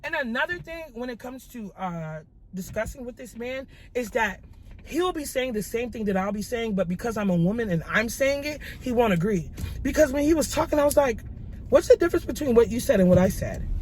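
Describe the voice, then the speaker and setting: A woman's voice: fairly high pitch, expressive, brisk, a little hiss or hum. A woman vlogger talking bluntly and heatedly, swearing freely as she rants to the camera. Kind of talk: vlog rant.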